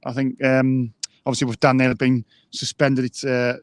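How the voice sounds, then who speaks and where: A man's voice: medium pitch, completely flat delivery, normal speed, dry recording. A man co-hosting a live football fan show, hesitant, with many ums and restarts. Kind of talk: live fan podcast chat.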